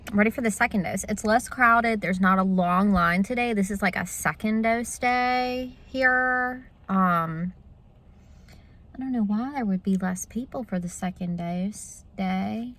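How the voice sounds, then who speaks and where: A woman's voice: medium pitch, measured pace, a bit bright. A woman, chatting casually to her viewers in a vlog. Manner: chatty, talks straight to viewers. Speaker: vlogger.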